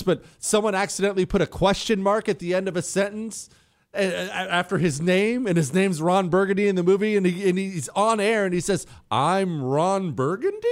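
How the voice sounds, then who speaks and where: A man hosting a talk radio show, riffing casually in an animated, sarcastic and self-mocking way. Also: high-pitched.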